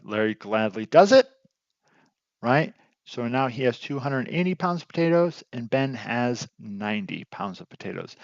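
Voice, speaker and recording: A man's voice: medium pitch, no room sound, highs cut off. A man teaching an informal lesson, telling a story and acting out its characters, with many fillers and restarts. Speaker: real estate investing teacher.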